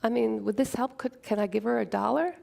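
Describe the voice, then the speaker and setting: Woman putting on a shy, gentle man who speaks haltingly and stumbles over his words. His voice is a touch higher and set further back, with a gravelly edge. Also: steady tone, full character voice.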